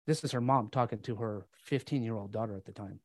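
A man on a podcast telling a painful personal story candidly, halting with fillers and restarts, sometimes swearing. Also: on the low side, no echo, studio quality. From United States.

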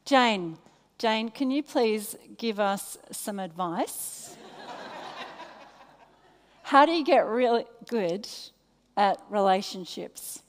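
A woman with an Australian accent leads a church service, her voice sitting a little on the high side. She keeps the room involved with questions and turns soft and low when she prays. Her words trail off in the long echo of a big hall. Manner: engaging, asks the audience questions; drops soft and low in prayer. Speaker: preacher. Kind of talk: sermon with congregation banter. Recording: long reverb in a large hall.

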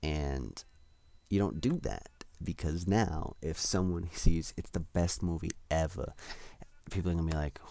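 A man's voice: low-pitched, a little slow, vocal fry, dark tone. A young man hosting a solo podcast, rambling and self-deprecating with lots of hesitations. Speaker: podcast host.

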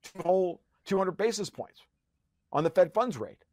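Profane, ranting man, slightly high voice. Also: animated, a little mellow, dry recording, studio quality. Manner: profane, rapid restarts and filler-heavy; sarcastic and mocking. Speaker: podcast guest. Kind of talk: heated conversational ranting.

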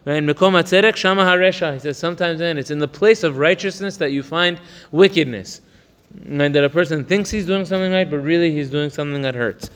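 Fast-talking man teaching a religious text. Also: a little high, a bit bright, big-room sound. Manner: reads Hebrew text quickly, then explains it in English; chatty, asks "right?" often. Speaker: Torah teacher. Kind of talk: text study lesson.

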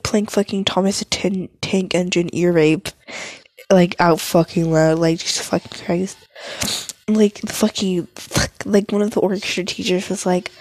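A woman's voice: mid-range voice, darkish tone, breathy edge, dry recording, rough recording. A teenage girl telling a rambling, casual story, full of fillers and swearing.

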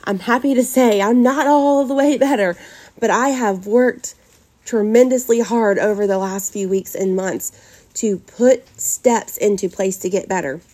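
A woman's voice: medium pitch, a little slow, darkish tone. A middle-aged woman, a podcast host talking earnestly and from the heart about faith to her listeners. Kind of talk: personal faith talk to listeners.

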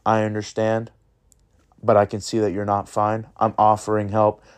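A man's voice: lowish voice, completely flat delivery, moderate pace, smooth. A man hosting his own podcast, talking in an earnest, rambling way and swearing freely as he urges listeners toward kindness. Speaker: podcast host. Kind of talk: casual motivational monologue.

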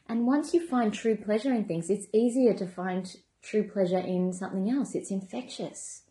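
A woman wellness coach giving a calm, gentle self-help talk in a conversational way. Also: medium pitch. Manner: calm, gentle, conversational, with many "you know" asides. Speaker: wellness coach running a membership program. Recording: echoey room.

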